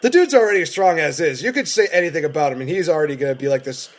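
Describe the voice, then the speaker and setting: A man co-hosting a casual wrestling reaction show, chatting excitedly with bursts of laughter. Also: a little high, rapid-fire. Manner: excited, laughing, playful impressions. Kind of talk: casual chat.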